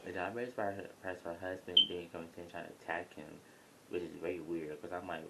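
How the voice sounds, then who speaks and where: In a casual review vlog, a young man's very low voice moves briskly and steadily as he rambles bluntly about a reality show. He's at home close to an airport, with the soft hum of passing aircraft behind him.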